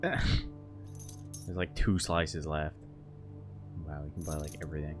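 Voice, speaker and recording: Young man, hungover, rambling storyteller, low voice, game music behind. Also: level tone, slow. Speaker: streamer. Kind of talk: casual gameplay chat.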